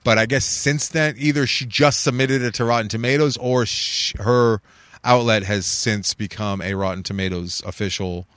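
A man's voice: mid-range voice, fairly even intonation, moderate pace, a bit bright, no echo. A man co-hosting a podcast, rambling and hesitant in casual comedic chat. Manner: rambling, hesitant, full of fillers. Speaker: podcast co-host.

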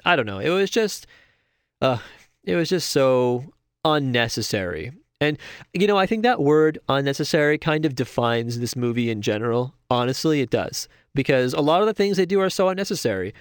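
Man with a smooth voice, rambling sarcastically. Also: mid-range voice, expressive, normal speed, no room sound, clean studio sound. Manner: rambling and sarcastic, with frequent restarts and wry asides. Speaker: film reviewer. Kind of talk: casual spoken film review.

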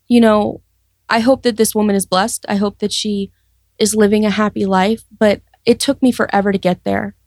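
A young woman sharing her life story in an interview, earnest and reflective, often pausing and restarting. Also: mid-range voice, darkish tone, no echo, clean studio sound. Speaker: guest sharing testimony. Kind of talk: personal testimony interview.

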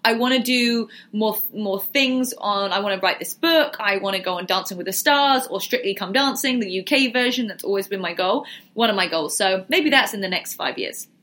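A woman's voice: medium pitch, moderate pace, hardly any pauses, fairly bright tone. A young woman vlogger chatting casually and answering viewer questions in a livestream Q&A. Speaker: fitness and business vlogger.

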